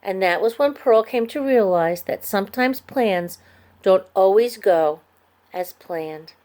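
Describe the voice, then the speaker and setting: A woman narrating a children's chapter book aloud in an expressive storytelling manner. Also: mid-range voice, slow. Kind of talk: scripted narration.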